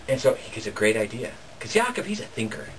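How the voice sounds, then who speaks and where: A man telling a folktale live at a bookstore, animated and chuckling, with sound effects. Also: fairly low pitch, quick pace. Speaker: storyteller. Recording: distant camera, noisy bookstore.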